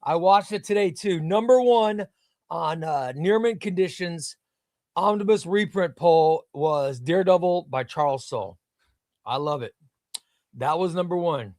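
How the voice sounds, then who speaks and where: A friendly man hosting a live stream, chatting loosely and greeting viewers one by one. His voice sits a little high for a man and comes through dry and close, with no room sound. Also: measured pace, darkish tone, no echo. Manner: friendly, rambling, repeats himself. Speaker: host of a live comics stream. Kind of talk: casual live-stream chat, reading chat messages.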